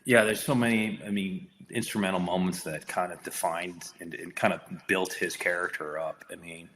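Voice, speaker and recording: A man's voice: low voice, steady tone, normal speed, a bit bright. A male actor, a guest on a podcast, telling a story in casual, profane talk full of restarts. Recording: long reverb hall with faint noise.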